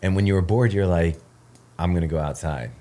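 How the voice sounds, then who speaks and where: Guy co-hosting a podcast, deep mellow voice, animated and laughing. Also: brisk. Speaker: podcast co-host. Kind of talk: casual chat.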